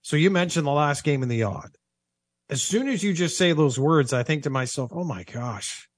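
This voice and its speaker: A man's voice: on the high side, lively intonation, moderate pace, no room sound, studio quality. A man talking in an office as a sports broadcaster, reflecting in a thoughtful, earnest way and repeating himself for emphasis.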